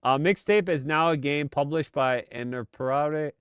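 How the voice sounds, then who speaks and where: A man's voice: a little high, moderate pace, clean tone, dry recording, studio quality. A man hosting a live commentary stream, talking in a sarcastic, exasperated way. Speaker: streamer host.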